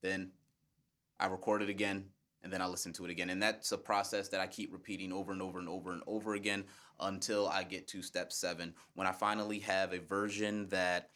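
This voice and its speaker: A man with a deep bass voice, a guest on a podcast, explaining his public speaking method in a measured, friendly way. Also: flat delivery, fairly bright tone. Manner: measured, explanatory, laughs easily. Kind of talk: conversational podcast interview.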